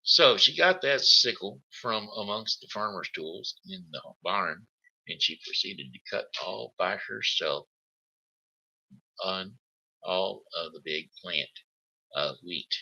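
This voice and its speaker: A man reading a children's story aloud on his live show, halting, with slips and restarts. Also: deep voice, expressive, gravelly, bright, forceful tone, husky, lo-fi sound. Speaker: host.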